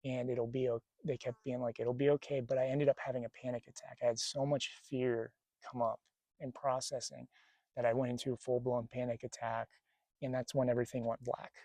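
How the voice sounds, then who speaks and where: A man casually telling a spiritual experience to camera outdoors, rambling and animated, acting out the dialogue as he goes. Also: mid-range voice, fairly quick, no echo. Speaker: spiritual vlogger. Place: outdoors near a lake. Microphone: camera mic.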